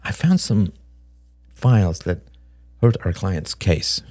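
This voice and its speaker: A man doing a jittery young adult son in a story reading, stammering and halting as he speaks. His pitch rises above the reader's deep natural voice and leaps around. The sound is dry and close. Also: very animated, a little mellow, dry recording, full character voice. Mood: nervous.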